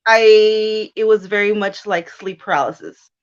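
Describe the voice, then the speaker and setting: A woman in her thirties tells a personal story in easy, casual chat. She sounds animated, laughs often and acts out her own thoughts in quick asides. Her voice sits at a middle pitch, and the recording has a dull, lo-fi sound. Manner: chatty and animated, with laughs and self-quotes. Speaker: guest.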